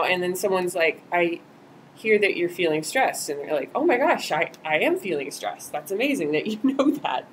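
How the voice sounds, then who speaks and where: A woman's voice: mid-range voice, a little hiss or hum, poor audio. A woman volunteer trainer giving a casual live-streamed training talk, acting out example quotes as she goes.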